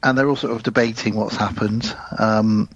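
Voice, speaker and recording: A man co-hosting a podcast casually recaps a film's plot as an animated storyteller, acting out the characters' lines. His voice is lowish and slightly rough at a normal speed, and the audio is dull with no room sound.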